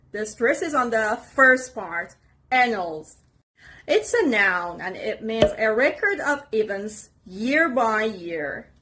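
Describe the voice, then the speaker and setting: A woman's voice: fairly high pitch, fairly bright tone. A woman teaching English vocabulary in a scripted lesson, saying each word twice and spelling out where the stress falls. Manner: slow, deliberate, repeats each word for stress.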